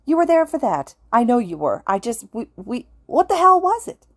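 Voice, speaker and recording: A woman voicing an agitated, sharp-tongued teenage boy ghost in a spoken fan story. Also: medium pitch, lively intonation, normal speed, dry recording, clean studio sound, pitched above the performer's own voice, natural voice. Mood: frantic. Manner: snappish, frantic.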